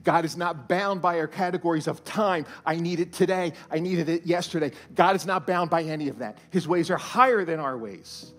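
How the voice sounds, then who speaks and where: A man, a pastor, preaching a sermon in a church, animated and swinging from hushed tones to loud emphasis. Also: a little high, normal speed, few pauses. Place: church auditorium.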